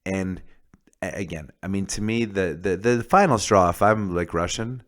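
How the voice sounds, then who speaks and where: A man's voice: low voice, normal speed, fairly bright tone. A man hosting a casual podcast about the oil industry, talking bluntly and profanely with lots of fillers and restarts.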